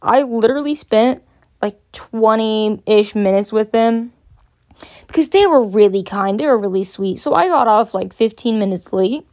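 A woman's voice: fairly high pitch, unhurried, darkish tone. A young woman telling a casual, rambling story, full of "like" and loose swearing. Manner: rambling, filler-heavy, frequent "like". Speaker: podcast host.

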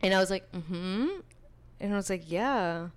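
A young woman chatting casually, telling a personal story in an animated way with lots of filler words. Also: medium pitch, moderate pace, smooth. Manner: chatty, animated, full of filler likes, laughs while telling. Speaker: podcast guest.

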